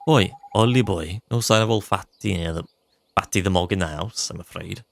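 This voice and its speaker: A man's voice: low voice, moderate pace, creaky. A man voicing a brash, cheeky male fairy sidekick in a game, scolding and blustery. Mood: bossy.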